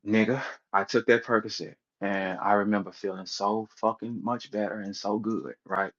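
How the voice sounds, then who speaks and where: A man's voice: on the low side, normal speed. A man in a heated, profane casual rant, telling stories and acting out other people's voices. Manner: profane, animated storytelling, acts out voices of others. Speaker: online audio room speaker. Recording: dull lo-fi audio stream.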